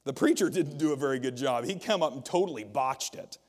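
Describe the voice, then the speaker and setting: In a church auditorium, a male pastor preaches a sermon with humor and a conversational style, posing questions to the congregation. His mid-range voice is brisk and expressive, carried by the long reverb of a large hall.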